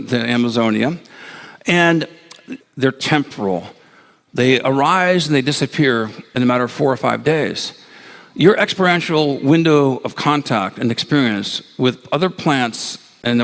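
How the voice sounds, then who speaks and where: A man from Ohio gives a talk to a large live audience, telling stories with chuckles and hesitations. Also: mid-range voice. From USA (Ohio). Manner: chuckling, rambling storyteller with hesitations. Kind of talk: anecdotal lecture to a live audience. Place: large lecture hall with hundreds of people. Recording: noisy live talk recording.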